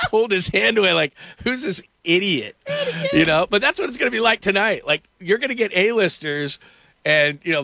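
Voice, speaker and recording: A man's voice: a little high, pushed and bright, no echo. A man hosting a sports radio show, telling rambling stories with lots of fillers and restarts in casual talk.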